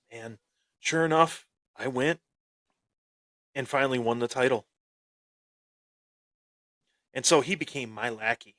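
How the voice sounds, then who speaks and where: A man's voice: mid-range voice, moderate pace, pauses often, a bit bright, no echo. A man hosting a wrestling podcast, telling a boastful, taunting story in his wrestling persona. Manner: swaggering, taunting, dramatic. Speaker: podcast host.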